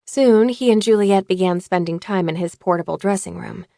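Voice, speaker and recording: A woman narrating an audiobook in a measured, even reading voice. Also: fairly low pitch, gravelly, no room sound, clean studio sound.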